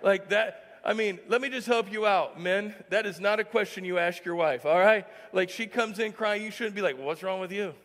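High-voiced joking pastor in echoing church. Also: male voice, moderate pace, few pauses, fairly bright tone. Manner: joking, upbeat, keeps asking the crowd "all right?". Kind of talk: sermon. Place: church sanctuary.

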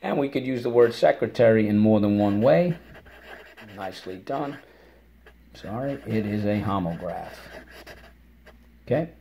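Man, phonics teacher, patient, encouraging, fairly low voice, chants syllables for students to repeat. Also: animated, measured pace, vocal fry, long pauses, warm tone, slight background noise. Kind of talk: phonics and vocabulary lesson.

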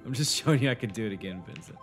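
Swearing through a let's-play, a young man narrates his gameplay to a friend, bragging and growing frustrated. He talks at a racing pace in a fairly low voice, with faint background music.

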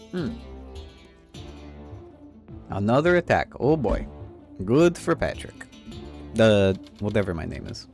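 A man's voice: on the low side, sing-song, slow, pauses often, a little mellow, soft background music. A man commentating a video game, goofing around in a mock broken-English border inspector voice and swearing casually. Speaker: let's play gamer.

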